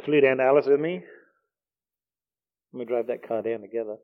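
A man's voice: medium pitch, fairly quick. A man preaching a heartfelt, earnest sermon. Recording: dull lo-fi recording.

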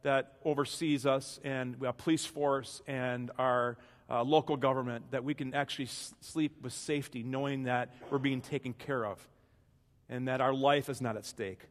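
A man's voice: medium pitch, fairly even intonation, moderate pace, big-room sound. A male pastor delivering a conversational sermon, often restarting his sentences and telling listeners what to fill in on their notes. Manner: conversational preaching with frequent restarts and fill-in-the-blank asides.

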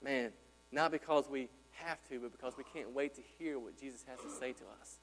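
Brisk and fairly bright in tone, this deep-voiced male pastor talks conversationally through his sermon, quizzing the people in the pews. Hall reverb and mains hum color the church sanctuary recording.

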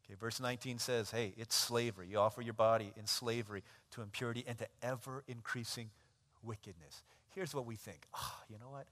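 A male preacher at a mid pitch delivers a sermon, telling an animated parable and acting out the characters' lines as he goes. His voice rings out with a long reverb tail from the hall around him. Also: fairly quick.

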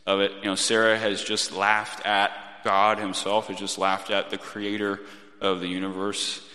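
A man's voice: on the low side, monotone, normal speed. Man preaching in a reverberant hall. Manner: gentle, reflective preaching with restarts. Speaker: pastor. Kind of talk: sermon. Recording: long reverb of a church hall.

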